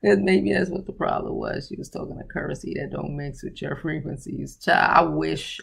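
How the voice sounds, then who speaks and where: A woman's voice: deep voice, normal speed, creaky, hardly any pauses. A woman hosting a casual livestream, talking bluntly and profanely and often laughing as she answers viewer comments. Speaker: livestream host.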